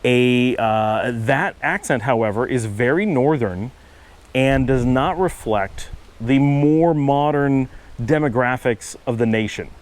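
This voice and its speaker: A man's voice: mid-range voice, slow. An American man with a Northern US accent talks outdoors into a handheld camera, explaining things thoughtfully with frequent restarts. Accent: Northern US, Cleveland-Buffalo area. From United States. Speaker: vlogger. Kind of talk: casual explanatory monologue.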